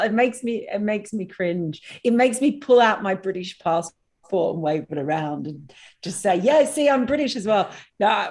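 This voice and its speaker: A woman guest on a casual cricket chat, giving animated, exasperated opinions. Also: mid-range voice.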